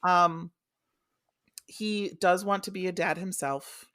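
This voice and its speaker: A woman's voice: fairly low pitch, steady tone, slow pace, fairly bright tone. A woman co-hosting a casual podcast, telling a story in a chatty way with many fillers and restarts. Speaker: podcast co-host.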